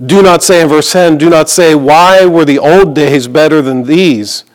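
A middle-aged pastor delivers a sermon in a relaxed, conversational way, moving from scripture reading to everyday stories with light humor. His voice sits slightly high for a man. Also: measured pace.

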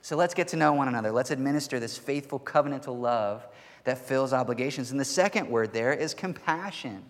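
An earnest man preaches a sermon, pressing hard on key words and slowing to let them land. His voice sits in a middle register. The sound carries the long reverb of a large hall. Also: mid-range voice. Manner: earnest, emphatic, slows down to stress key words. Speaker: pastor. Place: church hall.

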